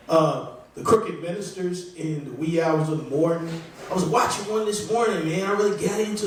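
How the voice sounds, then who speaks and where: High-voiced man doing stand-up in an echoey room. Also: far from the mic, slight background noise. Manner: rambling, conversational, self-deprecating. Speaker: stand-up comedian. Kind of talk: stand-up comedy set. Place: small club stage.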